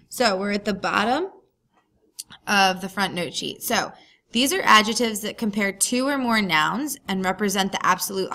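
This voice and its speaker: A woman's voice: medium pitch, pushed and bright. A woman teacher talking through a recorded grammar lesson, patient and explaining step by step.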